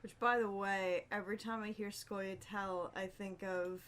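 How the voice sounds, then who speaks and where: A sober podcast co-host making slow, jokey asides while listening to a story. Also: medium pitch, fairly even intonation, background noise. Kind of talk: casual podcast chat.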